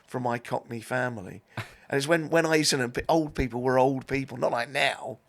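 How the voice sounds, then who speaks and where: A middle-aged comedic actor from South East London chats casually as a podcast guest, rambling and poking fun at himself. His medium-pitched voice is brisk with vocal fry.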